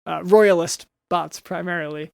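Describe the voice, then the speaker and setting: A man hosting a comedy podcast, talking in a halting, hesitant way full of fillers and restarts. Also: high-pitched, fairly even intonation, vocal fry, smooth, dry recording, clean studio sound. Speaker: podcast host.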